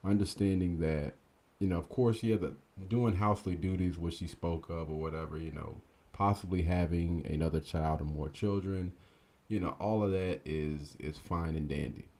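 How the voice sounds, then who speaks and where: A man co-hosting a podcast, giving relaxed, conversational commentary with plenty of fillers. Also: sits low, normal speed. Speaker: podcast co-host. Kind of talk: casual commentary.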